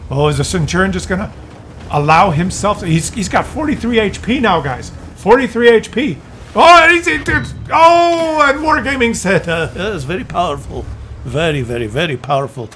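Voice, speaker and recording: A man's voice: high voice, very animated, normal speed, a bit bright, slight background noise. A man giving exasperated, incredulous commentary over a game replay. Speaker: gameplay commentator.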